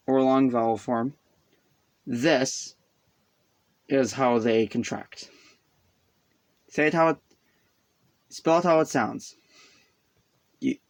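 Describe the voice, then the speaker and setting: A man casually explaining what he has taught himself, rambling and hesitant, poking fun at himself and sounding out vowels aloud as he goes. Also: medium pitch. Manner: rambling, hesitant, self-deprecating. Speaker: hobbyist explaining a language.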